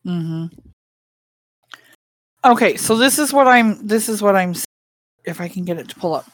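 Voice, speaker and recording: A woman's voice: mid-range voice, expressive, moderate pace, no room sound, studio quality. A woman co-hosting a podcast in casual chat, rambling with lots of hesitant fillers. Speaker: podcast co-host.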